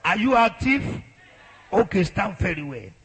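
A man preaching a sermon as a pastor, leading a congregation in loud, exhorting prayer. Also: high-pitched, sing-song, measured pace, slightly rough.

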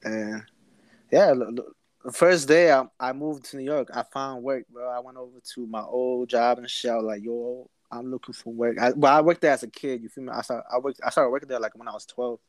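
A man's voice: mid-range voice, fairly even intonation, fairly quick, no echo. A young man casually telling a story to a friend, full of slang and swearing, laughing as he goes. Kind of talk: casual chat.

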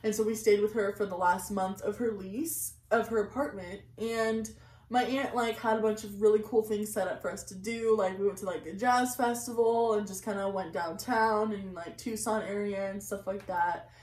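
A young woman co-hosting a podcast, telling stories in casual chat, swearing freely and breaking into loud quoted outbursts. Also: mid-range voice, steady tone, moderate pace. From California. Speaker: podcast co-host. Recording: echoey room, mic at a distance.

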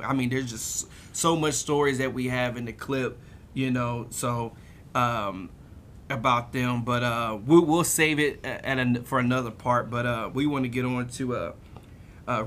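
A man's voice: mid-range voice, a bit bright, slight background noise. A young man hosting a casual chat, telling stories with lots of laughter and acted-out quotes. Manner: laughs often, acts out quotes with raised voice. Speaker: podcast host.

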